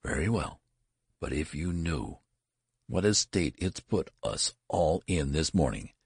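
A man voicing a stern, contemptuous female nurse who speaks in a hushed, severe tone. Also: a bass voice, expressive, a little slow, husky, dry recording, studio quality, heavily acted.

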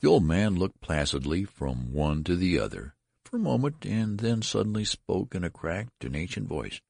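A man narrating a classic story aloud in an expressive, dramatic reading. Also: low-pitched, normal speed, creaky, dry recording, studio quality.

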